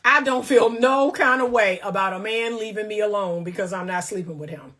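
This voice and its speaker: A woman's voice: medium pitch, brisk, a bit bright. A woman relationship coach giving blunt, emphatic faith-based commentary in a casual talk.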